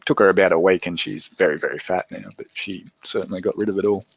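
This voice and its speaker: Low-voiced Australian man chatting live. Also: fast, husky, rough recording. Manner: relaxed, chatty, reads and answers viewer comments. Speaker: livestream host. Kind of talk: casual livestream chat with viewers.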